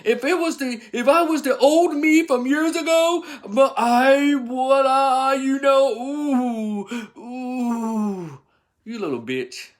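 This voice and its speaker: A man mimicking an angry adult male bystander who yells taunts and stammers. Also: medium pitch, very animated, moderate pace, hardly any pauses, pitched below the performer's own voice, lightly acted. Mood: taunting.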